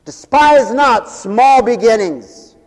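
Fervent high-voiced male preacher in a hall. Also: animated, slow pace, darkish tone. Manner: fervent, swings from high exclamations to low muttered asides; repetitive, rhythmic phrasing with interjected hallelujahs. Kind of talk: revival sermon. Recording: long hall reverb.

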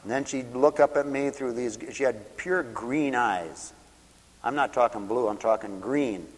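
A man preaching a radio sermon with passion, swelling loud on scripture and dropping low to tell stories. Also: measured pace. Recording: long hall reverb.

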